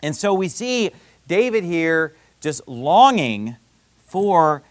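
A man with a high voice preaches a sermon, reading verses and pressing his points home with emphatic, building intensity. The sound is dry and close, with no room echo around him. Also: very animated, slow pace. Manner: emphatic preaching, quoting scripture with rising intensity. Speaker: pastor.

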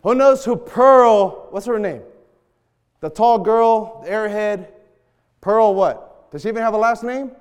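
A man preaching a sermon, bantering loudly with the congregation in call and response. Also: high-pitched, expressive, a little slow, clean tone. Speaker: pastor. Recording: long hall reverb.

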